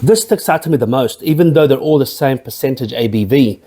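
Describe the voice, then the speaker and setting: A man's voice: mid-range voice, brisk, dark tone, breathy edge. A man hosting a casual spirits tasting review, chatty and rambling, with jokey asides. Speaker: host of a spirits review channel.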